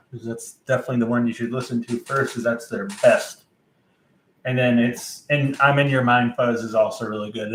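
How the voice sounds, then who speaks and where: A mid-range male voice with a slight brightness comes through a low-quality, reverberant recording with a little hiss or hum. He's vlogging about his records, rambling and halting, with lots of fillers and self-talk while he looks for things.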